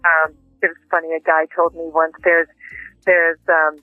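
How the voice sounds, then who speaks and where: A woman interview guest telling lively anecdotes and acting out what others said, heard down a tinny phone line. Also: low voice, moderate pace, no room sound, faint music behind. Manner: lively anecdotes with acted-out quotes. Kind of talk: casual interview storytelling.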